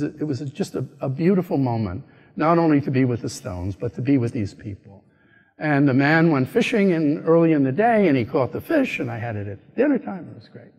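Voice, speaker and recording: An American man giving a conference keynote, telling a story in an animated way and acting out the voices of the people in it. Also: medium pitch. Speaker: keynote speaker. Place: conference hall. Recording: echoey hall.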